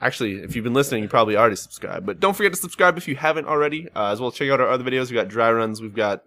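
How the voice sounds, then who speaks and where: A man hosting a casual gaming podcast, swearing freely and acting out his stories in a shrill voice. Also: animated, very fast, bright, forceful tone, no echo. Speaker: podcast host.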